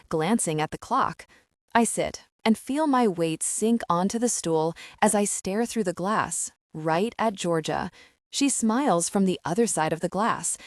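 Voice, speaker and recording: Low-voiced woman narrating a thriller audiobook. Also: a little mellow, dry recording, studio quality. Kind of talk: first-person thriller narration.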